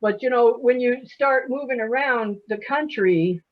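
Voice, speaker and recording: A woman's voice: fairly high pitch, measured pace. A woman in her sixties from Alabama, a poet telling chatty, folksy stories in an interview and laughing often. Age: 60s. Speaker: poet guest. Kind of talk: casual interview storytelling. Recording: muffled lo-fi audio.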